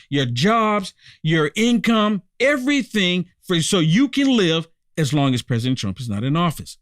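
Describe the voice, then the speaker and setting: A man hosting a live-streamed commentary show speaks emphatically and hammers his points through repetition, turning often to address his viewers. His voice sits a little high for a man. The sound is dry and close, with no room echo. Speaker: political commentary host.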